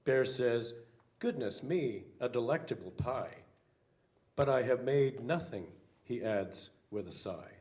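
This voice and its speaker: Slow-paced older male minister reading aloud. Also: mid-range voice, animated, darkish tone. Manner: slow, unhurried storytelling with hesitant fillers. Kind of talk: reading a children's story aloud.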